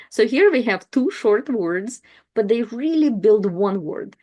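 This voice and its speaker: A woman teaching pronunciation, saying each word twice slowly and clearly before explaining it in plain words. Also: on the high side, expressive, warm tone. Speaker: language teacher. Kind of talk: slow pronunciation lesson.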